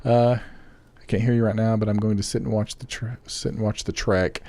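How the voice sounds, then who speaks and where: A young adult gaming streamer chats casually with viewers while playing, rambling on in a fairly low, warm voice. His delivery is flat and a little fast, in a dry recording.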